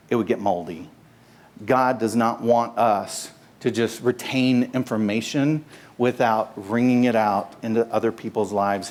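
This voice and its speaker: Middle-aged man, pastor type, relaxed sermon, halting with fillers, plays to the congregation. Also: mid-range voice. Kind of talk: sermon with prayer. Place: church sanctuary.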